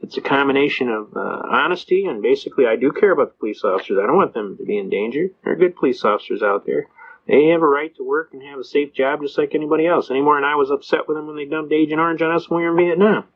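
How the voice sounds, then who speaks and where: An older man lecturing in a rambling, folksy storytelling way, often pausing with "uh". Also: fairly high pitch. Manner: rambling, folksy, with frequent "uh" fillers. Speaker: lecturer on citizens' rights. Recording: dull lo-fi recording.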